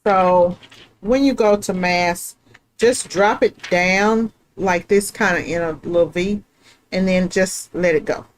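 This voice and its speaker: A woman's voice: on the low side, slow, rough recording. A middle-aged woman, hosting a live print-shop stream in a chatty, folksy way and talking straight to her viewers. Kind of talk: casual live craft demonstration.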